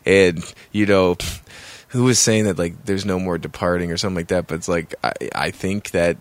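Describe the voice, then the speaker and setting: A man's voice: low voice, fairly even intonation, normal speed. A man co-hosting a casual podcast, retelling TV scenes with acted-out quotes and casual swearing. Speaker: podcast co-host. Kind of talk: casual chat recapping a TV episode.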